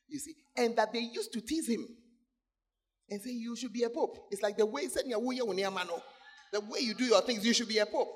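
A man with a notably high voice preaches to his congregation. He talks animatedly, breaks into laughter between points and keeps calling out questions to the people in the pews. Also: husky. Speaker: pastor. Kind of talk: sermon.

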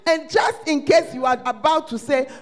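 A man with a Ghanaian English accent, preaching a sermon as pastor at a church service, swinging between shouted lines and hushed asides. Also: very high voice, moderate pace, faint music behind.

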